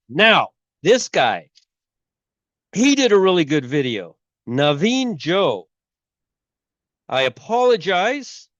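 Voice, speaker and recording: A man's voice: on the high side, no echo. Man with a sore throat, rambling religious vlog talk, dull lo-fi sound, dry close voice. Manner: rambling, halting, many restarts. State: has a cold, sore throat, coughing. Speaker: YouTube host. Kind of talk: casual religious commentary.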